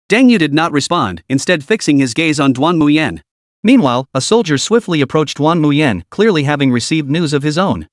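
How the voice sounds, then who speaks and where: A man narrating a fantasy story in steady scripted narration. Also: moderate pace, dry recording, clean studio sound. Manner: steady storytelling with animated pitch.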